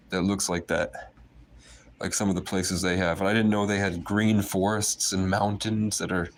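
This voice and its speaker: A man's voice: fairly low pitch, slight background noise. A man rambling to his viewers in a conspiratorial livestream monologue.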